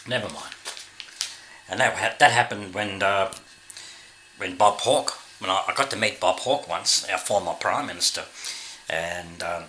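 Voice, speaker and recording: A man's voice: deep voice, a little slow, long pauses, pushed and bright, a little hiss or hum. An Australian man vlogging in a casual, rambling way, chuckling often and losing his thread. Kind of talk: casual chat to camera.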